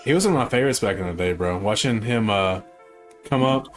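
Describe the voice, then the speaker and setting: A man's voice: lowish voice, expressive, fast talker, soft background music. A young man co-hosting a podcast in casual chat, laid-back and slangy, laughing often. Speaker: podcast co-host.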